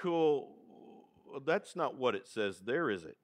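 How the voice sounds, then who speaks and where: A man with a Texan accent preaching a sermon in church, dramatic and animated, calling on the congregation to answer back. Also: medium pitch, moderate pace. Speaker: pastor. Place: church sanctuary.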